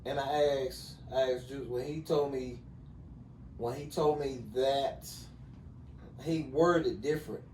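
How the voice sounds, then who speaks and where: A middle-aged man telling personal stories as a podcast guest in a relaxed, casual way, often saying "you know". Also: medium pitch, takes it slowly, a little hiss or hum. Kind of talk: casual conversation. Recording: echoey room, distant mic.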